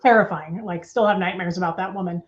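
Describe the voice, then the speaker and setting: Woman giving a halting, emotional account. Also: lowish voice, fairly even intonation, highs cut off. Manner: emotional, halting retelling with restarts and nervous laughs. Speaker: interview guest. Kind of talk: personal testimony in a remote interview. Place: at home.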